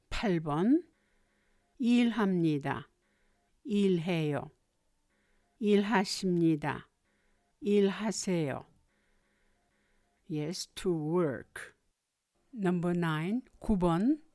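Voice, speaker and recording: A woman's voice: medium pitch, a little mellow, no room sound. Older woman teaching Korean, dry sound. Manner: clear, deliberate, pausing between drilled words. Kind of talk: slow spoken language lesson.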